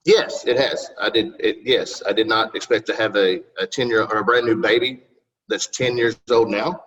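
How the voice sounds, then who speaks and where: A middle-aged man with a lowish voice answers questions in a loose, folksy ramble, polite and unpolished. He sits back from the mic, and the sound is dull and muffled. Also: fairly even intonation, normal speed, fairly bright tone. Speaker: city council candidate. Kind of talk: casual interview answers. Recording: distant, muffled recording.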